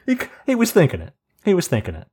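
A man's voice: sits high, wildly swooping pitch, quick pace, darkish tone, slightly rough. A man, co-hosting a casual podcast, telling stories animatedly and swearing a lot as he gets worked up. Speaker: podcast co-host.

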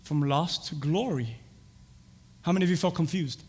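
A young man preaching a sermon, telling a lively personal story with laughter and acted-out voices. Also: on the high side, moderate pace, pauses often, slightly rough. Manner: animated, laughing, acts out voices in his stories. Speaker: pastor. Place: church. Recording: church hall reverb.

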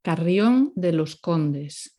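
A woman teaching Spanish pronunciation, patient and clear as she models words and explains rules. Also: fairly low pitch, animated, slow pace, mellow. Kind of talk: language lesson.

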